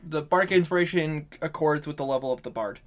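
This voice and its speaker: A man's voice: fairly high pitch, fast. A man running a tabletop game as dungeon master over voice chat, congested with a cough, stopping and correcting himself mid-sentence.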